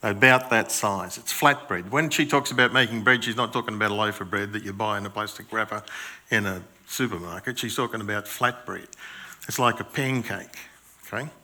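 A man's voice: on the low side, a little fast, sharp tone. An older man preaching a chatty sermon to a church, joking about himself and quizzing the children. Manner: chatty and self-mocking, asks the children questions. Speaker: pastor. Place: church hall.

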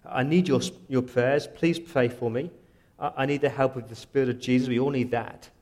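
A man's voice: mid-range voice, steady tone, normal speed, a little mellow. A man preaching a sermon as pastor, earnest and direct, often voicing the apostle's prayers in the first person.

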